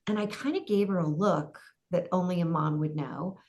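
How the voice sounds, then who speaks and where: Middle-aged woman, lower voice, dramatic storyteller as podcast guest. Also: normal speed, darkish tone. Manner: vivid, dramatic storytelling with acted-out inner voices.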